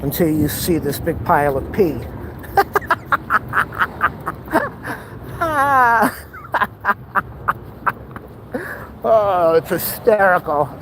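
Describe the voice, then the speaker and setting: A man talks between heavy breaths as he walks outdoors. He is out of breath and jokes about himself. Street noise runs clearly behind him. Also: fairly high pitch, moderate pace, hardly any pauses. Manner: breathless, self-mocking, playful asides. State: out of breath and sweating. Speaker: vlogger. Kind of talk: walking vlog, joking to camera.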